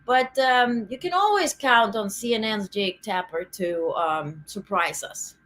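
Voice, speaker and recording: A woman's voice: medium pitch, animated, a little slow, fairly bright tone. A woman hosting a political news livestream, ranting indignantly and chatting with live viewers. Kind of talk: casual political commentary.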